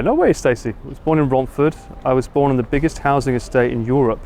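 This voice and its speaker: A man's voice: mid-range voice, moderate pace, a little mellow, slight background noise. A man with an Essex accent chatting casually on a live stream, reading and answering viewer comments as he walks. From England. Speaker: livestream host. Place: outdoors on a city street.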